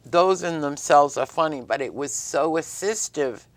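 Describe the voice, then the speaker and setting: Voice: medium pitch, normal speed, dry recording. A talk show host asking friendly, rambling questions in a studio interview.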